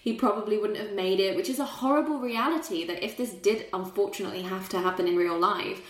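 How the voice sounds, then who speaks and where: A woman's voice: medium pitch, fast, few pauses. A young adult woman in casual film chat, telling the story with big emotional swings and laughs. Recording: roomy echo.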